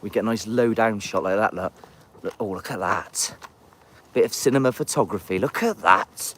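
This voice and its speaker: A man's voice: lowish voice, measured pace, fairly bright tone, slight background noise. A man with a chatty, rambling manner, streaming a live walking vlog outdoors in woodland on a handheld phone. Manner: chatty, rambling, jokey asides. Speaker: paranormal investigator, live streamer.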